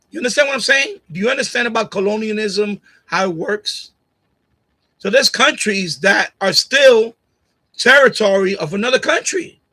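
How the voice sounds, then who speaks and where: A man hosting a live stream at home banters bluntly and casually with his chat, repeating points and laughing at comments. His voice is high, husky, pushed and bright. The audio is poor, though he uses a USB condenser mic mounted on a boom arm.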